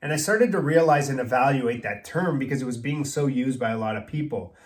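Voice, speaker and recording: A personal trainer co-hosts a podcast, chatting casually and explaining things in a relaxed way that drifts into acted-out dialogue. His voice is mid-range and a little fast.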